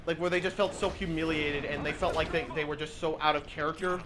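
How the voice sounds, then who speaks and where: A young man in casual voice chat while gaming, animatedly mocking a movie with swearing and quick retellings. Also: on the high side, fairly even intonation, music in the background. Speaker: channel host.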